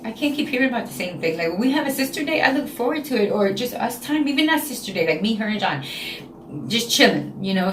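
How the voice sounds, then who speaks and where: She's a vlogger in her late thirties with a New York accent, speaking in a mid-range voice for a casual confessional video at home. Frank and emotional, she circles back to repeated phrases. The room is echoey, with slight background noise.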